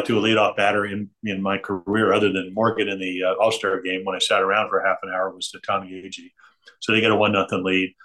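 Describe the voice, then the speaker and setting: A man's voice: on the low side, fairly bright tone. Older man telling rambling stories. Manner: chatty, digressive, chuckles between stories. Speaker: interview guest. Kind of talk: rambling anecdotal storytelling.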